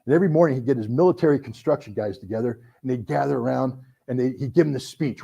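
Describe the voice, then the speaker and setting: A middle-aged man telling a story to an audience, animated, acting out the voices in his anecdotes. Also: mid-range voice, fast, creaky, hardly any pauses, husky. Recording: dull lo-fi recording.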